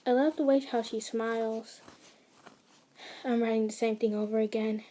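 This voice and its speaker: Woman voicing a guarded, awkward young psychic boy in an audio fanfic; quiet and halting, voice sits a touch high. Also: fairly even intonation, natural voice. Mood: shy.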